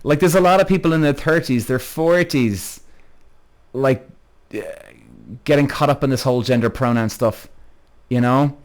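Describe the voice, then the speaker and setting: A man's voice: medium pitch, moderate pace. A man hosting a podcast live-streamed to an online audience. He reads out viewers' comments, greets them by name, rambles and swears freely as he gets heated. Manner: chatty, addresses viewers by name. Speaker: podcast host.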